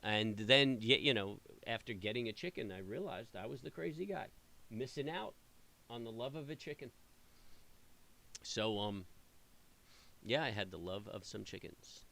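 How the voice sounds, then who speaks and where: A man's voice: fairly low pitch, expressive, normal speed, creaky, long pauses, bright, forceful tone, slight background noise. A middle-aged man hosting a trading stream, chatting casually with viewers in a rambling way, full of fillers and restarts. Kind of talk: casual chat with live viewers.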